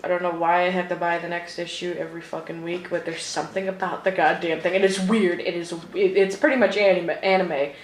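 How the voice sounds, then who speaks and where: A woman's voice: on the low side, little pitch movement, fairly quick, hardly any pauses. A woman in her thirties co-hosting a casual podcast, chatty and laughing, with lots of swearing. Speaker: podcast co-host. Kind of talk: casual chat. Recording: echoey room with faint noise.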